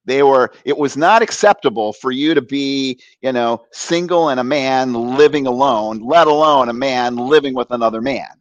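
A middle-aged man telling a personal story on a talk show, animated and laughing as he acts out the voices of others. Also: mid-range voice, normal speed, hardly any pauses, no room sound, lo-fi sound. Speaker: guest.

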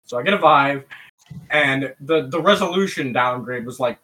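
A man from West Michigan, a podcast guest telling a story in a lively, profane way and acting out the voices of people he quotes. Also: mid-range voice, normal speed. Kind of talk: casual storytelling.

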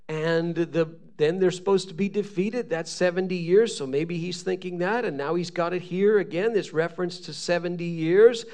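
A man preaching a sermon as pastor, reading scripture aloud with animated, rising emphasis. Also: on the high side, normal speed.

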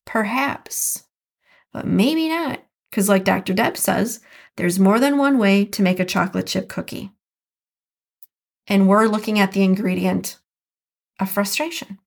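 A woman hosting her own podcast and talking alone, earnest and reflective, drawing out key words slowly for emphasis. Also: medium pitch, vocal fry. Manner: earnest, reflective, speaks with slow emphatic stresses. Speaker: podcast host. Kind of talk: solo podcast commentary.

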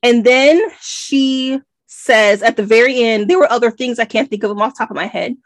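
An American woman co-hosting a casual book-club podcast, animated and nitpicky with lots of rambling asides. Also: on the high side, moderate pace, no echo. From United States. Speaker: podcast co-host.

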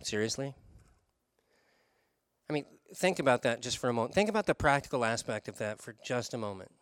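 A man preaching a sermon, telling a story in an animated way, switching between quick runs and slow, stressed words. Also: mid-range voice, clear, resonant tone, no echo, studio quality. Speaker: pastor.

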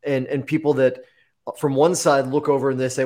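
A man's voice: medium pitch, little pitch movement, brisk, darkish tone. A man from the northeastern US hosting an interview, chatting casually and rambling with many fillers. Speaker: podcast host.

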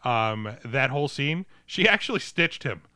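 A man co-hosting a relaxed movie podcast, rattling off behind-the-scenes facts with a bright, forward voice. He's recorded close and dry, with no room around him. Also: medium pitch, moderate pace, clear, resonant tone, no echo. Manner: shares movie trivia, quizzes the others. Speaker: podcast co-host. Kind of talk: casual movie review chat.

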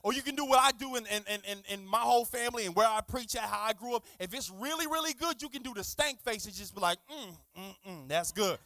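A man preaching as a guest pastor, lively and conversational, acting out little dialogues and repeating words for emphasis. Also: very high voice, fast talker, hardly any pauses, no echo. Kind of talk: lively sermon.

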